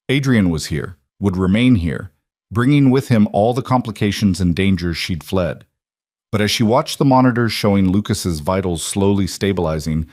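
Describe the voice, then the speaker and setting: A man reading a dramatic story as narrator in a measured, even way. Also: lowish voice, no echo, studio quality.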